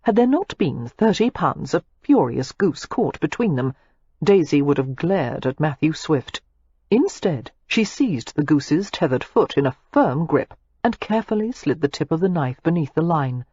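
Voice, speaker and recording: A woman narrating a romance audiobook in an expressive, measured storytelling manner. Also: low voice, breathy edge, no room sound, dull audio.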